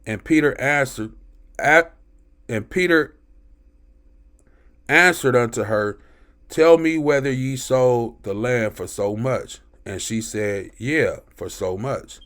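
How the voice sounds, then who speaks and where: A man's voice: medium pitch, slow pace, fairly bright tone. A man reading scripture aloud and commenting on it in an emphatic teaching style, often checking in with "right?" between verses.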